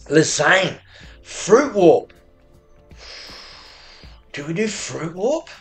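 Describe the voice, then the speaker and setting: An Australian man streaming slot games, swearing constantly and cheering loudly at the screen in casual live commentary. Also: sits high, very slow, soft background music. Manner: profane, excitable, cheers at the screen. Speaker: slots streamer.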